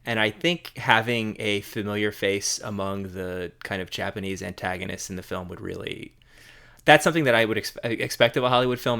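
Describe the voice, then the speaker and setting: A man co-hosting a film podcast, discussing movies in a casual, halting way with many fillers and repeated words. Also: fairly low pitch, a bit bright. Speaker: podcast co-host.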